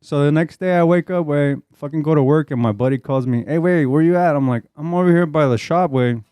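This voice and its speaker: A man with a Chicano English accent who tells a story on a podcast in a loose, profane, unhurried way, mixing Spanish slang into his English. His voice sits a little high for a man, and the sound is close and dry. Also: mellow, clean tone, no room sound. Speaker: podcast host. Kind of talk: casual storytelling chat.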